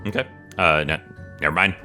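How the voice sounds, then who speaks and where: Brief: low, bright man running a tabletop game, chatty, full of fillers. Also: brisk, faint music behind. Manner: chatty, hesitant with many fillers. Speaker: game master.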